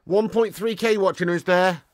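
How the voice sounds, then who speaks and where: During a live football watch-along, the male host swears liberally, alternates between shouting and quiet muttering, and reads viewers' messages. His intonation is fairly even and his pace moderate. The audio is studio quality with no echo.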